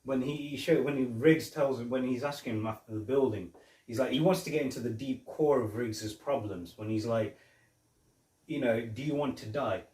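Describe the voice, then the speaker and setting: A man's voice: mid-range voice, moderate pace, a little mellow. A man hosting a casual film review podcast, rambling as he retells scenes with quoted lines. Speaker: podcast host. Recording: roomy echo, mic at a distance.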